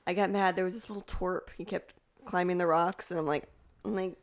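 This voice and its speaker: A woman's voice: fairly low pitch, brisk. A young woman hosting a podcast, telling stories animatedly and acting out the quotes. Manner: animated storyteller, acts out quotes. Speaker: podcast host. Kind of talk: casual chat.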